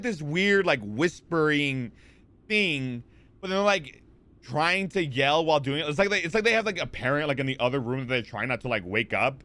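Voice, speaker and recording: A man streaming from a home setup, chatting casually with viewers. He rambles in a lively way, reads chat messages aloud and answers them, with plenty of fillers and restarts, close to a desk mic. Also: fairly high pitch, moderate pace. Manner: rambling, animated, lots of fillers and repeats. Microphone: desk microphone.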